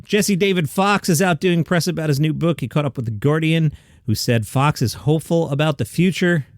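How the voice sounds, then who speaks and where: A man hosting a daily comedy news show, reading the items in a scripted way with deadpan asides. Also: fairly high pitch, fairly quick, no echo, studio quality.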